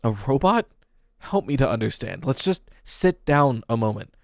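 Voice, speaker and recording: Narrator as a reassuring middle-aged teacher, gentle and steady. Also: male voice, medium pitch, moderate pace, creaky, no echo, clean studio sound. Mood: soothing. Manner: soothing, reassuring. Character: calm concerned male teacher.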